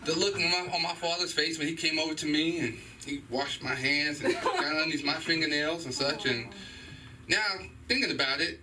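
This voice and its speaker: A middle-aged man doing a stand-up set in a small comedy club, animated and profane as he acts out loud voices. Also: a little high, moderate pace, far from the mic, slight background noise, rough recording. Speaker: stand-up comedian at an open mic.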